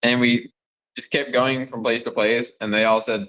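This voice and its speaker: A young man, a missionary phoning home, telling rambling, excitable stories full of fillers. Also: mid-range voice, normal speed, muffled recording. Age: young adult. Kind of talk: casual phone chat with family.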